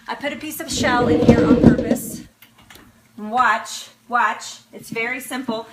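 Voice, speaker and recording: A woman's voice: on the high side, a bit bright, a little hiss or hum. A woman hosting a live cooking demonstration in her kitchen, chatty and bubbly, often laughing as she talks to her viewers. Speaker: cooking show host. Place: kitchen at the stove. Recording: sizzling frying pan in background.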